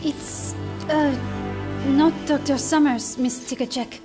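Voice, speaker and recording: A gentle young woman with a high voice. She sounds soft, hesitant and earnest. This is a video game cinematic. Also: fairly even intonation, takes it slowly, music in the background. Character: kind, shy young woman, gentle helper.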